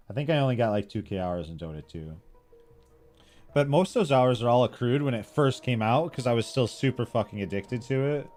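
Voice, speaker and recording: A man's voice: on the low side, a little mellow. Laid-back young man streaming games. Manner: laid-back, swearing, laughs often. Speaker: game streamer. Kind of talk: casual live-stream chat while gaming.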